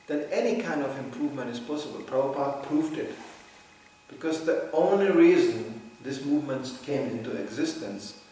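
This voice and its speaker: Mężczyzna z czeskim akcentem, kaznodzieja, anegdoty, śmiech, pogłos w sali, daleko od mikrofonu. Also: male voice, mid-range voice, expressive, moderate pace, dark tone. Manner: anecdotal, laughing often, conversational. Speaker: preacher. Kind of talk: spiritual lecture. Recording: echoey room, far from mic, faint noise.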